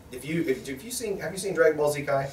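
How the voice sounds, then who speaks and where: A man, a voice actor, telling stories casually in a convention press interview, animated and often laughing. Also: fairly high pitch, moderate pace, a crowd in the background. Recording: roomy echo, mic at a distance.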